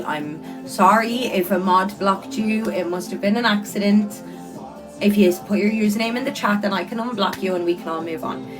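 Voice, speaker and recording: A young woman, hosting a casual livestream and reading out viewer comments in a chatty, earnest way, repeating words for emphasis. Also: mid-range voice. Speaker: livestreamer and podcast host.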